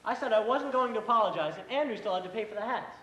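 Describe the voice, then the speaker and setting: A man's voice: high-pitched, fast. A young man acting an earnest, hot-headed eighteen-year-old brother in a school stage play, telling a story animatedly. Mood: indignant storytelling. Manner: animated storytelling, mimics his boss. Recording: echoey auditorium, faint hiss.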